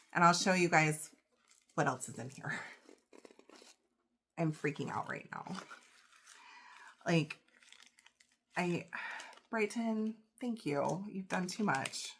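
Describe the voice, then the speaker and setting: A woman, getting over a cold, unboxing jewelry in a casual vlog, gushing and emotional with gasps and soft whispers. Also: lowish voice, slow, pauses often. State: recovering from a cold. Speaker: reseller vlogger.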